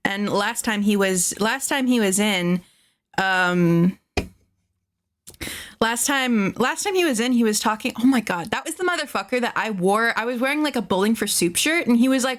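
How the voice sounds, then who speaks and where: A woman's voice: mid-range voice, animated, moderate pace. A young adult woman streamer chatting casually with her live chat, rambling and sarcastic, swearing a lot.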